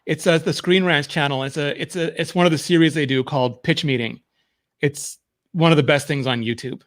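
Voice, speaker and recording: Fast-talking, eager male stream guest. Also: on the high side, steady tone, fairly bright tone. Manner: eager, rapid storytelling. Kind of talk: casual chat. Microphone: video call.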